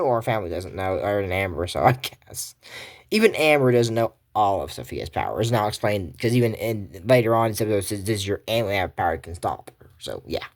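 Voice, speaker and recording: A show recap vlogger retelling a cartoon episode in a rambling, halting way, full of restarts, often dropping low and soft. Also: animated.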